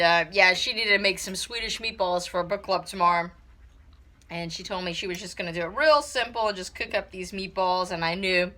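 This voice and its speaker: Woman, family cooking vlogger, bright voice, casual chatty, easygoing, fillers. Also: mid-range voice. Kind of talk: casual cooking vlog chat. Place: home, partly outdoors.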